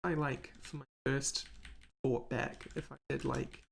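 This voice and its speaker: A woman's voice: a bass voice, steady tone, a little slow, gravelly, husky. A woman streaming a game live, chatting casually and thinking aloud to her viewers.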